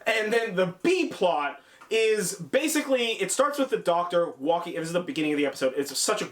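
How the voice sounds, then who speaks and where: A man's voice: high voice, sing-song, a little fast. A man co-hosting a review show, recapping an episode in loose, profane casual chat and briefly mimicking characters. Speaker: podcast co-host.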